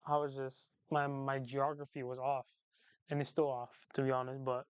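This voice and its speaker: A man's voice: mid-range voice, level tone, normal speed, clear, resonant tone, no echo. A young man hosting a livestream, chatting casually with viewers in a rambling, slangy way and repeating his phrases. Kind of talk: casual chat.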